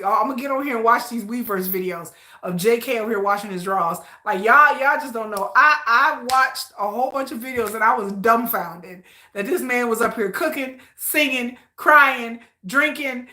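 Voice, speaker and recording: A woman chatting casually with her live audience about K-pop videos, animated and talkative. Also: on the high side. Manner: chatty, animated, addresses viewers as y'all. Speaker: K-pop reaction vlogger. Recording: echoey room.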